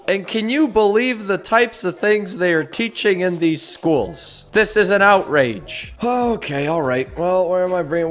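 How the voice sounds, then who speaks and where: A man hosting a gaming channel, giving excitable, jokey commentary to viewers while he plays. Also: fairly high pitch. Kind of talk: casual gameplay commentary.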